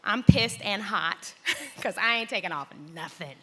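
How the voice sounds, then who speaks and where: A middle-aged woman telling a personal story on stage in a large hall, acting out the voices with big jumps in pitch. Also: animated, measured pace, sharp tone. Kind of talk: live storytelling performance.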